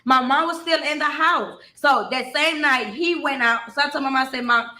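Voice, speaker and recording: A woman with a high, bright voice tells her own story with raw emotion. She is blunt, swears freely and keeps talking straight to her listeners. The sound carries a roomy echo. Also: moderate pace.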